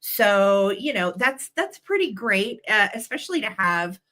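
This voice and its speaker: A woman hosts a live online vintage sale, chatty and effusive as she shows every item and talks straight to the chat in her sales pitch. Her mid-range voice is very animated and sharp in tone, delivered at a measured pace, and the audio quality is poor.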